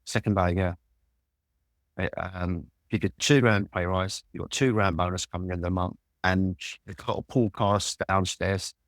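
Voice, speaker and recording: Low-voiced London man in his sixties. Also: moderate pace, no echo, clean studio sound. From Walthamstow, London. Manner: lively storyteller who swears freely. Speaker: guest. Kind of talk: telling anecdotes in an interview.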